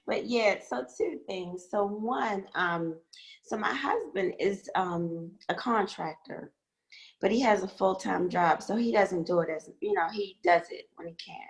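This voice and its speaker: A woman's voice: medium pitch, unhurried, low-quality recording. A woman with a morning voice asking for advice on a training call, hesitant and rambling with many fillers. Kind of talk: casual online training call. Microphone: video call.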